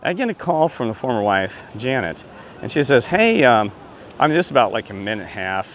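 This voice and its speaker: A man in a casual vlog, telling a meandering story in an excitable way and often voicing disbelief. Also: fairly low pitch, fast, slight background noise. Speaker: self-described street minister.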